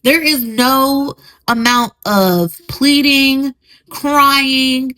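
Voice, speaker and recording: A blunt, emphatic woman hosts a solo podcast, reacting to posts she reads out. Her voice is bright and fairly high, and it sounds dry and close to the mic. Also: steady tone, drawn-out words, dry recording, rough recording. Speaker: podcast host.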